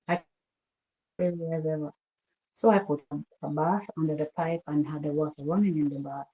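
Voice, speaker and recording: Halting woman, dull lo-fi line. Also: deep voice, fairly even intonation. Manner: halting, repeats herself, restarts sentences. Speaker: caller telling her story. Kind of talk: emotional personal storytelling.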